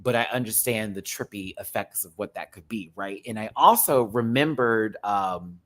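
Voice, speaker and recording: A man hosting a live-streamed casual review chat, rambling and animated, laughing often and full of fillers. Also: on the low side, normal speed. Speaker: host reviewing a TV show.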